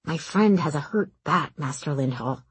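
A woman doing a low, cheerful young prince. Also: animated, moderate pace, husky, dry recording, heavily acted. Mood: hushed. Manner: cheerful, then hushed and conspiratorial. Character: young prince, cheerful, mischievous student mage.

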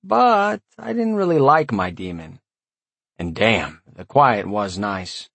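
A man narrating a first-person story in a wry, sardonic tone, with a husky voice. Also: on the low side, sing-song, slow pace, fairly bright tone, dry recording. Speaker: audiobook narrator.

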